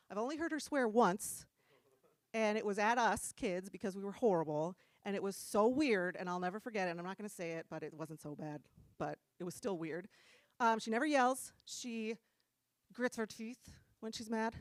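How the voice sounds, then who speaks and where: Animated, dry-voiced woman preacher. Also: mid-range voice, moderate pace, dry recording. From New Jersey. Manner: animated, self-deprecating, laughs often. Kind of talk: casual storytelling sermon. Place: church room.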